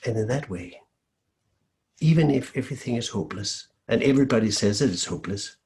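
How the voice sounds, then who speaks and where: Expressive male storyteller from Denmark. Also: mid-range voice, brisk. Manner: lively, expressive. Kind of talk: oral folk-tale storytelling.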